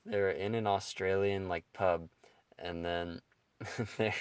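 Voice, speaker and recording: A man's voice: deep voice, steady tone, slow pace, smooth, no room sound. A young man co-hosting a podcast in casual chat, who laughs as he retells comedy scenes. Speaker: podcast co-host.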